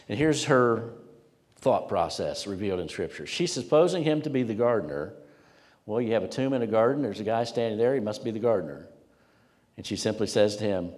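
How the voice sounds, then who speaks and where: Male pastor, low voice, emphatic storyteller, long church hall echo. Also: expressive, fairly quick, a little mellow. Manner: emphatic, storytelling, repeats words for weight. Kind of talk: sermon. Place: church sanctuary with congregation.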